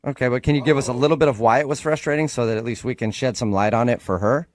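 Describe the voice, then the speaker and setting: A man's voice: medium pitch, very fast. A man hosting a radio show, questioning a caller with light teasing. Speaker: radio host.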